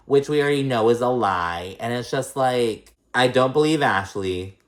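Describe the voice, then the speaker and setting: Guy doing a reality tv recap, swears a ton, super opinionated, lots of likes and ums, mid pitch. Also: normal speed, few pauses, a bit bright. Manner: blunt, profane, opinionated, lots of fillers. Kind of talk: casual recap commentary.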